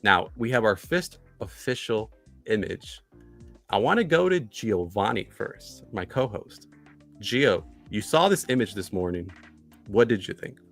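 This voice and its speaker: A man's voice: lowish voice, lively intonation, a little slow, gravelly, soft background music. A man hosting a livestream in a casual, chatty way, greeting viewers and reading their comments, with many fillers and repeated phrases. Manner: filler-heavy, repeats himself. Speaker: livestream host.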